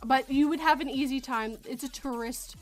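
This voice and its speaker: A woman's voice: high voice, moderate pace, soft background music. A woman from Canada hosting a casual podcast chat, rambling and correcting herself as she goes, often laughing. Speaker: podcast host.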